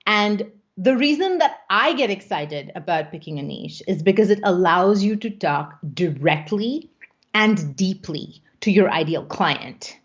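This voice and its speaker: Playful woman chatting on a live stream, mid-pitched, a bit muffled audio. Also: animated, a little slow. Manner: chatty, playful, laughs easily. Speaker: business coach hosting a live stream. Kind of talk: casual live-stream teaching.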